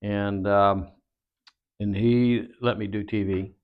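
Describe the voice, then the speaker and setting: A man's voice: on the low side, fairly even intonation, slow pace. Rambling storyteller man, muffled audio. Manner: rambling anecdotes with many fillers and quoted dialogue. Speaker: guest wrestler. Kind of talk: storytelling interview. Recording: dull lo-fi audio.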